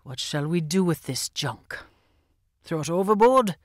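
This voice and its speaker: A woman reading the lines of a curt, brooding young man in an audiobook, pitched lower and slower, half-whispered at times. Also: lively intonation, dry recording, studio quality. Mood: careless.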